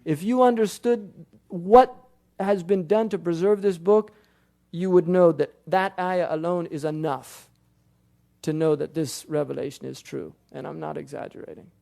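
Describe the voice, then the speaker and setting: Guy w a pretty high voice giving a religious talk, keeps asking questions, drops arabic words. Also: steady tone, gravelly, dark tone. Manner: questions the audience rapidly, quotes classical sources; mixes Arabic terms into his speech. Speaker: Islamic scholar and lecturer. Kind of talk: religious lecture.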